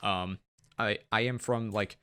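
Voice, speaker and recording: A young Southern man from Tennessee hosts a gaming channel, rambling and joking at his own expense as he plays through a Let's Play. His voice sits on the low side with fairly even intonation, a little slow, with a bright, forceful, clear and resonant tone. He's chatting along despite a sore throat.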